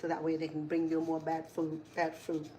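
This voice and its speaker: There's a little hiss or hum behind this middle-aged woman as she hosts a casual cooking demonstration. Her voice is low, mellow, and monotone at a normal pace, and she rambles chattily into stories while correcting herself mid-sentence.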